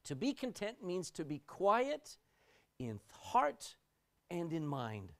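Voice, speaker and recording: A woman's voice: on the low side, slow. A woman preaching a sermon, swinging her voice up and down for emphasis and often repeating words as she restarts. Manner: expressive, rising and dropping sharply for emphasis.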